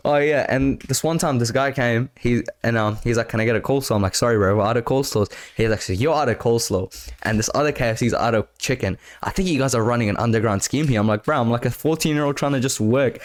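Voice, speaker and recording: A young man speaks casually on a podcast, blunt and sweary as he tells stories. His voice sits at a medium pitch. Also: fast. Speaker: podcast co-host. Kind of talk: casual chat.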